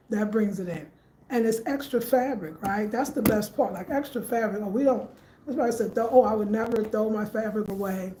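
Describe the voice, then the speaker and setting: A woman's voice: mid-range voice, dark tone. Chatty woman vlogging in an echoey room. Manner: chatty, thinking aloud, repeats herself. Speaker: home design vlogger. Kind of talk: casual home-tour vlog. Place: living room at home, indoors. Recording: echoey room, faint room noise.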